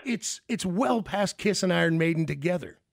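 A man's voice: high voice, animated, moderate pace, gravelly, dry recording, studio quality. A man hosting a radio interview, enthusiastic and rambling, repeating words as he talks.

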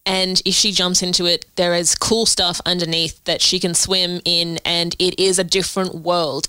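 A woman co-hosting a podcast, talking through a book in a thoughtful, measured way. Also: lowish voice, little pitch movement, bright, forceful tone, smooth, no room sound, rough recording. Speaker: podcast co-host. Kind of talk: casual book discussion.

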